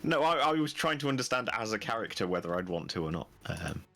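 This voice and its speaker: A man's voice: fairly low pitch, sing-song, quick pace, pushed and bright, soft background music. A man playing a tabletop game, thinking aloud in a hesitant, casual way. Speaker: player.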